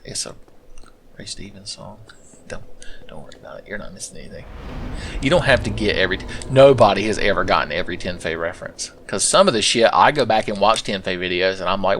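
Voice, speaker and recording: A man's voice: low-pitched, expressive, fast talker, a bit bright, slight background noise. A man commentating his own gameplay with sarcastic, profane, rambling asides. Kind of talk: let's play commentary.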